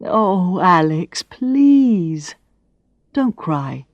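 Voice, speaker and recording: A woman's voice: lowish voice, very animated, drawn-out words, dry recording, muffled recording, exaggerated voice. Woman reading as a blunt, teasing man. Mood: soothing. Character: charming, blunt male gallery owner. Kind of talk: reading a story aloud.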